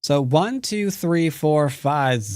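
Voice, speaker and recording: A jokey Go teacher walks viewers through his moves in live-streamed game commentary, clowning around playfully and breaking into silly sing-song nonsense. His voice swoops high and low, and the sound is dry with no room or echo.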